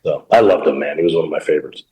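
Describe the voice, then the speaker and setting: A middle-aged pro baseball coach, appearing as a guest, chats casually in an interview and shares coaching stories in plain-spoken language. His bass voice is warm and rapid-fire, and the recording is rough.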